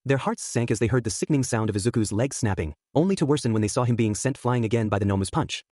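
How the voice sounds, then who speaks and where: A man narrating a fan fiction story aloud in a brisk, expressive way. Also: mid-range voice, no echo, studio quality.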